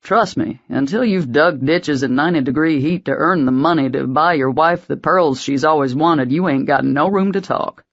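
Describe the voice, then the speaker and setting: A woman's voice: deep voice, normal speed, hardly any pauses, muffled recording. A woman voicing a blunt, kind old grandfather with a drawl. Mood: gruff advice.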